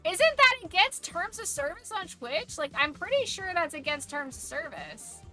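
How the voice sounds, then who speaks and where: A woman streamer with a mild Southern American accent, chatting casually with her chat in a rambling way, her voice going a bit hoarse. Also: very high-pitched, very animated, moderate pace, pushed and bright, soft background music. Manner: rambling, many "like" fillers and restarts.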